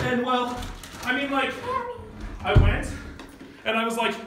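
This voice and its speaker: A man's voice: very high-pitched, level tone, measured pace. A man doing a squealy, ditzy teenage girl. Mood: gushing. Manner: gushing valley-girl chatter full of "like" and squeals. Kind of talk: comedy skit acting. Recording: echoey room, far from mic, faint noise.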